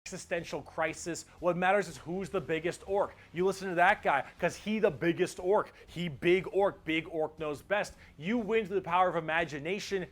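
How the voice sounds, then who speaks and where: Man with a somewhat high voice, irreverent comedic explainer narration, casual cursing. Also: normal speed, few pauses. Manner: irreverent, swears, mock-dumb phrasing. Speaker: video essay narrator.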